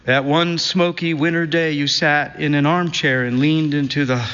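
Guy reading a literary story slow and thoughtful, muffled audio with long echo. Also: a little high, fairly even intonation, a bit bright, smooth. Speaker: narrator. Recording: dull recording with long reverb.

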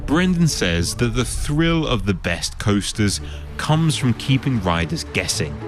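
Low-voiced male documentary narrator. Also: very animated, soft background music. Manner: measured, explanatory. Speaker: presenter.

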